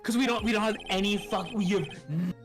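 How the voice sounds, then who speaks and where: A woman streaming a game, chatting excitedly and swearing casually while reading dialogue aloud. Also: mid-range voice, brisk. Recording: game music playing behind.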